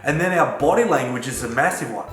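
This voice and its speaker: A man's voice: mid-range voice, fast talker. Man coaching in an echoey room. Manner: chatty and relaxed, with Australian slang. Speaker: self-development coach. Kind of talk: casual talk to camera. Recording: echoey room with faint music.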